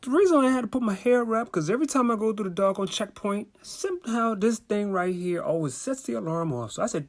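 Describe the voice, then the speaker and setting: Young man from D.C., casual comic storyteller, lively pitch, does voices. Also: fast talker. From Washington, D.C. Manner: animated, acts out voices with high squeals.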